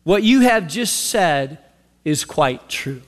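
A man voicing a calm, patient teacher, quoting scripture in slow, measured lines during a sermon. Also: fairly high pitch, pitched below the performer's own voice. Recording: long reverb of a large hall.

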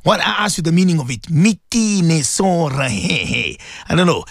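A male radio preacher delivers an impassioned, repetitive sermon, dropping to low murmurs and then rising to high cries. His voice sits high and wildly lively in pitch. It has a gravelly edge and is recorded dry and close. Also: moderate pace, no room sound. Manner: repetitive, emphatic.

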